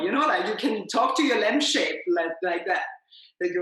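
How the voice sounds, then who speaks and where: A woman yoga teacher, a podcast guest, speaking gently and thoughtfully in a reflective chat. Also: mid-range voice, expressive, normal speed. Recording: very echoey room.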